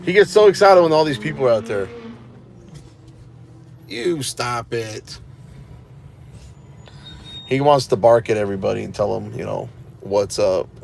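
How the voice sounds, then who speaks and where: A tired cop-watch vlogger sits in his parked car, rambling to his viewers in casual running commentary full of sarcastic asides. His mid-range voice is fast and darkish with vocal fry and few pauses, and a little hiss or hum sits underneath.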